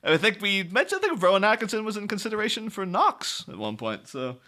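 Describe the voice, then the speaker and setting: A man with a bright, forceful voice chats on a film podcast. He talks loosely and laughs often, breaking into quick put-on voices for quotes. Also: sits high, very animated. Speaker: podcast co-host. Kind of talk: casual film podcast chat.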